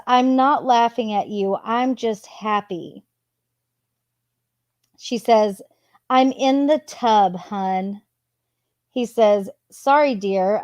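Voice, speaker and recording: A woman hosting her channel, reading text messages aloud in a plain, unhurried way and adding casual asides between them. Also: mid-range voice, warm tone, no room sound. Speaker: channel host.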